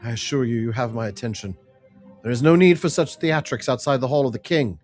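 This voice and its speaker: A man voicing a proud, stern young noblewoman with formal, measured speech in a fantasy game. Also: medium pitch, darkish tone, faint music behind, natural voice.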